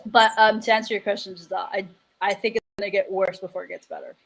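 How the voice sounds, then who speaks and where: A woman's voice: medium pitch, fairly even intonation, fast talker, gravelly, fairly bright tone, low-quality recording. A woman with comedy training and a mid-range voice chats casually on a video call panel. Her talk is loose and full of laughs. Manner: chatty, laughs often.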